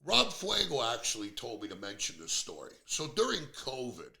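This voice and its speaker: Gravelly, outspoken man in his 50s. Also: mid-range voice, huge pitch swings, normal speed, sharp tone. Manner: blunt, outspoken, opinionated. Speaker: podcast host. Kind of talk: casual podcast chat. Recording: roomy echo.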